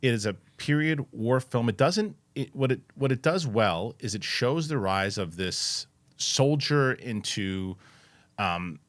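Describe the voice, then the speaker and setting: A man hosting a casual chat show, talking in an animated, rambling way with many restarts and fillers. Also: medium pitch, a little slow, no echo. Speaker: host.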